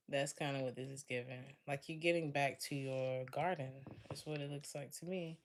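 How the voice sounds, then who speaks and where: A woman's voice: a bass voice, steady tone, moderate pace, a little hiss or hum. A woman giving a casual tarot reading to her viewers, chatty and laughing often, talking straight to her listeners. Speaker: tarot reader.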